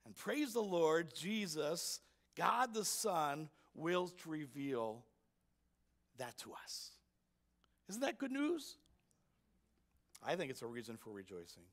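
Emphatic preacher man, higher-pitched voice. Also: expressive, measured pace. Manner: emphatic, asks the congregation rhetorical questions. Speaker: pastor. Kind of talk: sermon. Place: church sanctuary.

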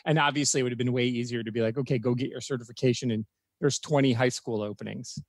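A man who is a college professor appears as a guest on a casual podcast, telling frank, blunt stories and swearing casually. His medium-pitched voice is steady and fast, with no echo.

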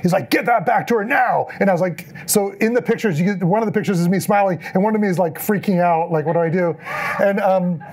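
A man's voice: high-pitched, quick pace. A middle-aged man giving a storytelling talk as an event photographer, acting out the lines people said. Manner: animated, acts out quoted lines in the story. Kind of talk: storytelling presentation.

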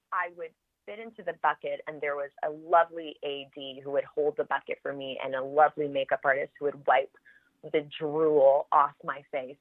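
A woman, an actress being interviewed, chatting in a lively way and laughing often. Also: low voice, no echo. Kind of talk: casual interview chat. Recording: tinny phone-like line, dry.

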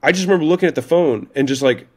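A man telling a story as a podcast guest, in a casual, animated way, often saying "like" and "right?" and swearing now and then. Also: fairly high pitch, racing, husky. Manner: animated retelling, frequent "like" and "right?", occasional swearing.

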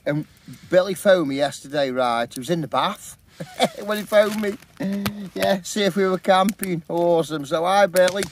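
A middle-aged man chatting in a relaxed, upbeat way as a camping vlogger, talking into a handheld camera outdoors at a campsite. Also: high-pitched, moderate pace, slight background noise. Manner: chatty, upbeat, says "awesome, mate" often. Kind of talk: casual vlog chat.

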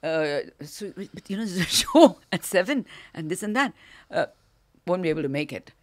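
A woman's voice: lowish voice, normal speed. An older woman with an Indian English accent, telling a theatre story as an interview guest, acting out the voices and laughing often. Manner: animated, acts out the voices in her anecdotes, laughs often.

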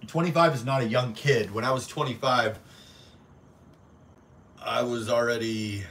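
A man's voice: medium pitch, measured pace, a bit bright, recorded from a distance. A young adult man hosting a casual livestream, teasing his viewers as he reads their comments in a profane, jokey way. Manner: profane, teasing, jokey banter with frequent laughter. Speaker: livestream host. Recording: roomy echo, off-mic, faint background hum.

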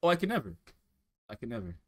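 A man hosting a vlog, chatting and teasing strangers on a video chat app in a quick, joking way that sometimes drops to a mumble. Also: medium pitch, sing-song.

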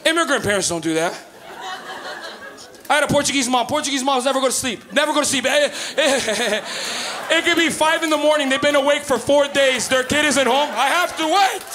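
A man in his thirties from Canada doing a stand-up comedy set in a club, telling stories in a profane, animated way. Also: extremely high pitch, a little fast, some chatter behind, slight background noise. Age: 30s. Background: live audience laughter.

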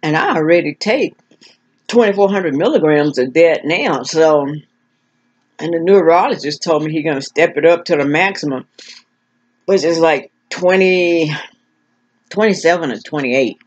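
A woman's voice: deep voice, moderate pace, long pauses. An older woman talking frankly to her camera, with effortful speech that stumbles and repeats while she searches for words. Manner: frank, plain-spoken. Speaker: vlogger. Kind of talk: casual personal talk to camera. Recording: dull lo-fi recording.

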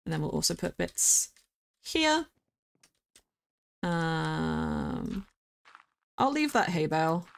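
A woman streamer giving casual gameplay commentary, chatty and quick to get excited, squealing at the animals she meets. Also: low voice, vocal fry.

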